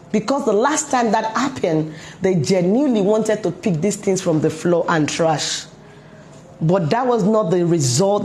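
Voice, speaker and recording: A woman's voice: mid-range voice, a little mellow, a little hiss or hum. A woman coaching parents in a motivational talk, emphatic and full of rhetorical questions.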